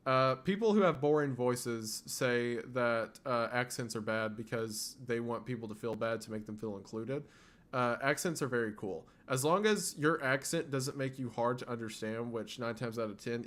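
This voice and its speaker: A man's voice: mid-range voice, a bit bright. A man with a faint Southern US accent chatting casually on a livestream, rambling with small restarts. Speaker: streamer.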